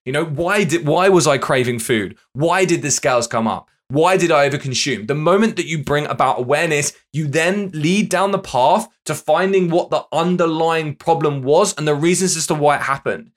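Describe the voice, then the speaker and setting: A man hosting his own fitness podcast, talking quickly and with punch. His voice sits a touch high for a man, and he hammers his points with repeated questions. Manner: energetic, emphatic, repeats questions to drive points home. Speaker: fitness coach and podcast host. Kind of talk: solo podcast monologue.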